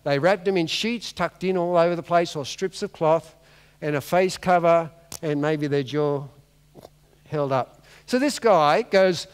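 His voice sits on the high side, clean in tone and measured in pace. The pastor preaches in a large church hall, where long reverb colors the recording, telling a Bible story with comic energy and acting out the characters.

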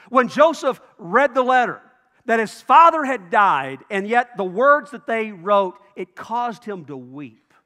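A pastor preaching a sermon, telling a story expressively and acting out the speakers in it. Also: male voice, high-pitched, bright, forceful tone. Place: church sanctuary. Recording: long hall reverb.

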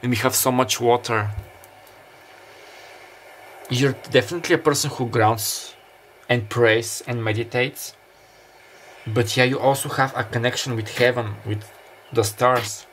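In a steady, slightly bright mid-range voice, a man muses through a pick-a-card tarot reading, halting often with fillers and restarts. Faint summer beach sounds and a little hiss or hum sit in the background.

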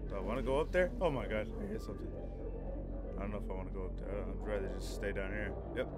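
A man's voice: lowish voice, fast talker, loud music behind the voice. A man commenting on a horror game as he plays, jittery and profane, swinging from muttering to yelping in fright. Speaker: gameplay commentator. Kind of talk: let's play commentary.

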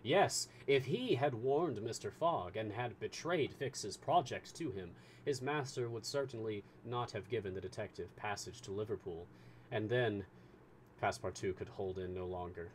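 A man reading a classic novel aloud as a storyteller, with measured, expressive narration. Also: fairly low pitch, a little hiss or hum.

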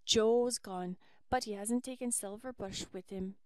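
A woman voicing a warm old Irish housekeeper, with an Irish accent and homely turns of speech. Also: mid-range voice, unhurried, clean tone, dry recording, close to an everyday voice. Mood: comforting.

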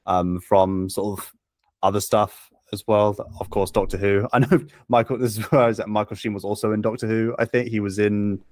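Guy guesting on a podcast, lowish voice, rambly and unsure, dry close sound. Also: fairly even intonation, moderate pace, a little mellow, dry recording. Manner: rambling, hesitant, many likes and restarts. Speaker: podcast guest, video essayist. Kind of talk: casual podcast chat.

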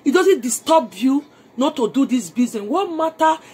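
In a live video sales pitch shot on her phone at home, a Nigerian woman doing network marketing urges viewers to sign up for her business, switching between Pidgin and English with urgent persuasion. Her high voice has lively intonation, a moderate pace and a slightly mellow quality.

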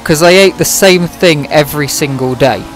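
A British man streams a game, talking casually close to the mic with a dry, sarcastic-sounding delivery and lots of swearing. His voice is a little high at a moderate pace, with music playing behind him.

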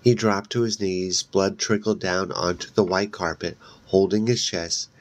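A man's voice: sits low, fairly even intonation. A man reading a horror novel aloud in a casual way, with slips and restarts along the way. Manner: reads slowly, with slips and restarts. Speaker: audiobook reader. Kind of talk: casual read-aloud narration.

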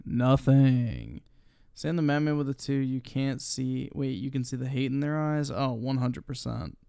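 Male streamer, gravelly voice, dry close mic, blunt and profane. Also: medium pitch, moderate pace, mellow, no echo. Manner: blunt, scornful and heavily profane. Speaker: streamer reacting to a video. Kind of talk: casual profane live reaction commentary.

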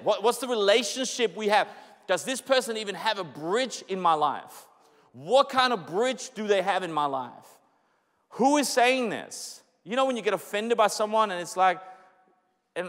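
A young male pastor preaching in a lively, conversational way, full of rhetorical questions and repetition. His voice sits high for a man and swings widely up and down. It rings out with a long hall echo. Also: moderate pace. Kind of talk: sermon. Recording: echoey hall.

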